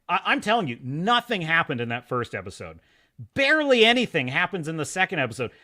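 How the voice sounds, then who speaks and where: A man's voice: sits high, pushed and bright. A middle-aged man hosting a live stream, ranting with opinionated commentary and mocking impressions. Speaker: podcast host.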